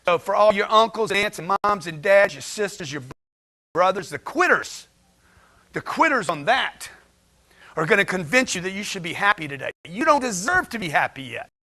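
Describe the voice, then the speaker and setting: A man's voice: sits high, sing-song, normal speed, bright, forceful tone. A man giving a blunt, slangy motivational talk to a livestream chat, firing rhetorical questions at his audience. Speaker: motivational speaker.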